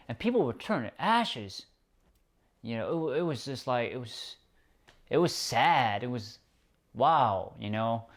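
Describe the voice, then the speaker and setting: Rambling casual man reviewing a movie. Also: medium pitch. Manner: loose and rambling, full of "like" and "um", swears freely.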